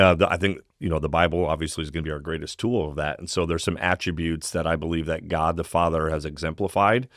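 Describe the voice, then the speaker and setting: A man co-hosting a faith podcast, talking in an earnest, measured way and reading scripture aloud. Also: deep voice, fairly bright tone, dry recording, studio quality. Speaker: podcast co-host. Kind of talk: faith-based casual discussion.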